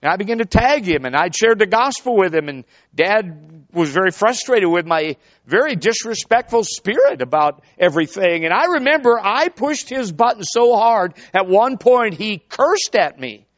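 A man's voice: high voice, moderate pace, hardly any pauses, dry recording. A man preaching a sermon to a congregation, telling a story and calling out to the crowd. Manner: animated storyteller, calls out to the congregation. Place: church before a congregation. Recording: dull, lo-fi sound.

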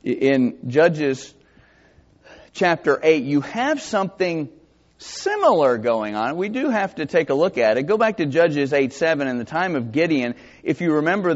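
A man from Georgia, preaching a sermon in an animated, joking way and reading scripture aloud. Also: a little high. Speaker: pastor. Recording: dull sound, long hall reverb.

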